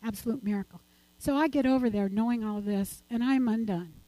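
Older lady sharing her testimony at church, rambly and laughy, kinda high warm voice. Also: fairly quick, dry recording, rough recording. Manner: chatty and rambling, laughing often. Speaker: church speaker giving testimony. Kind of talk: informal church talk and testimony.

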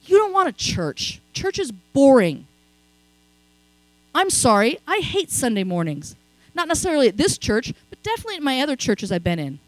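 A woman's voice: sits high, very animated, normal speed, no echo, poor audio. A middle-aged woman preaching a sermon in a conversational storytelling way, often checking in with her listeners. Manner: conversational storytelling, frequent "okay?" asides.

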